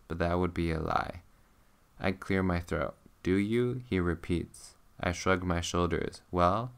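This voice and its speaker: Deep, gravelly man reading aloud. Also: a bit bright. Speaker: reader. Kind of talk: calm audiobook reading for sleep.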